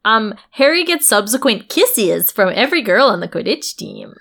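A woman co-hosting a podcast, chatting casually with dry, deadpan jokes. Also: on the high side, normal speed. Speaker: podcast co-host. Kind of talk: casual chat.

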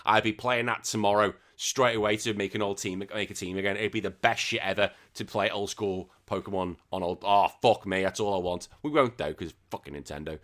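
Bright-voiced, excitable, swearing podcast host. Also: male voice, lowish voice. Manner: excitable, swears freely, trails off quietly. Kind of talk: casual gaming news chat.

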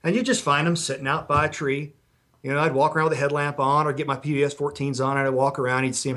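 A man's voice: on the high side, fast talker. A middle-aged man and former Special Forces instructor, telling blunt, profane war stories on a podcast. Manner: blunt, profane, animated storyteller. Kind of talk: podcast storytelling.

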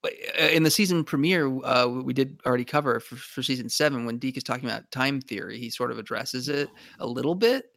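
A man's voice: mid-range voice, fast, gravelly, few pauses, a bit bright, dry recording. A man with a mid-range voice talks through a TV show in a loose, rambling way, often restarting his sentences. The recording is dry, with no room sound. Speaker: podcast co-host. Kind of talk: casual chat about a TV show.

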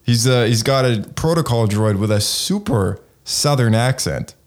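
A man's voice: mid-range voice, lively intonation, unhurried. A man co-hosting a casual chat, rambling and full of fillers and hedges. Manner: rambling, filler-heavy, hedging. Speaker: podcast co-host.

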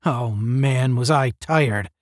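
A man's voice: medium pitch, slow, dry recording, studio quality, natural voice. A man voicing a tired young male space cadet in a story, weary and grumbling.

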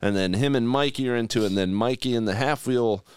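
A man's voice: medium pitch, fast, smooth, no room sound, studio quality. A man co-hosting a podcast in casual chat, telling stories with animation and acting out other people's voices. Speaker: podcast co-host.

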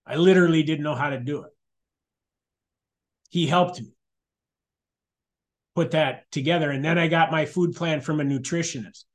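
A man's voice: on the high side, normal speed, pauses often. A middle-aged man sharing his personal recovery story at a support meeting, candid and conversational, with frequent restarts and asides.

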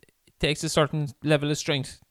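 A man, a guest on a casual comedy podcast, telling stories in an animated way and laughing often. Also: on the high side, normal speed.

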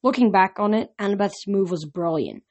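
A woman's voice: mid-range voice, normal speed, a little mellow, muffled recording. A woman reading a novel aloud, narrating in an unpolished way with frequent slips and restarts. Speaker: reader.

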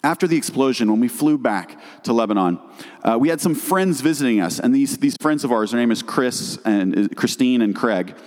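A man's voice: medium pitch, animated, normal speed, darkish tone. Man, middle-aged, missionary speaker; earnest storytelling testimony in a reverberant church hall. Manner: earnest storytelling, frequent restarts.

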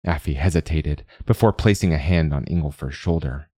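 Deep-voiced man narrating a story. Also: normal speed, dark tone, dry recording, clean studio sound.

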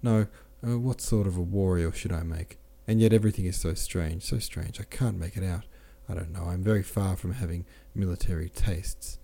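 A man's voice: low-pitched, moderate pace, vocal fry, hardly any pauses, dark tone. A man reading the lines of a bewildered young nobleman who speaks hesitantly. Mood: puzzled. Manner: hesitant, puzzled.

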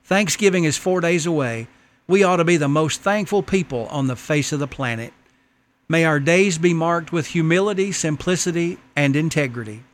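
A man's voice: on the high side, moderate pace. A man preaching a sermon, earnestly reading a letter and a story aloud to the congregation.

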